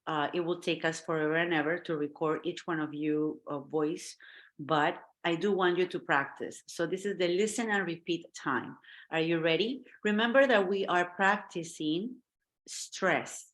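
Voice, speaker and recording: A woman's voice: on the low side, normal speed, a bit bright. Encouraging woman teaching an English class. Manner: encouraging, repeats and checks in often. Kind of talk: online class instruction.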